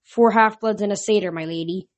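A woman's voice: mid-range voice, fairly quick, dry recording, natural voice. A woman voicing a proud, haughty teenage huntress who speaks in a commanding, formal way.

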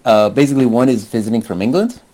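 Deadpan, sarcastic man co-hosting. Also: mid-range voice, quick pace. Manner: deadpan, sarcastic, self-mocking. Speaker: podcast co-host. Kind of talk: casual chat.

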